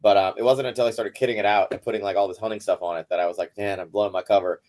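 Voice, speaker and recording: A man's voice: on the low side, very fast, a little mellow. A man, a podcast guest, telling a casual story in a rambling way, full of "like" fillers. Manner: rambling, heavy use of "like" fillers.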